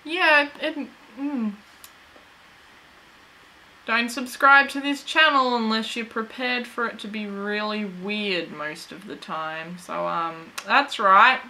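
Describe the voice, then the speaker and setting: A woman streamer gives a goofy running commentary on her game, unhurried and rambling. Her voice is bright and sits a little high, and she chats away to her viewers and the screen. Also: rough recording. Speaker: gaming channel host. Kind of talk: let's play commentary.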